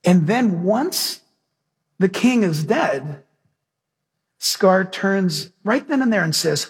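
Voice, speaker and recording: With a high, animated voice edged with breath, a pastor preaches slowly and pauses often. His sermon flows from storytelling into fervent prayer, praise repeated as his emphasis rises.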